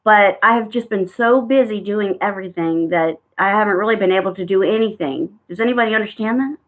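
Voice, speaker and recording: Woman, casual live-stream tarot reader, rambling and chatty, mid-pitched voice, tinny phone-line sound. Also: a little fast. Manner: chatty and rambling, with frequent fillers.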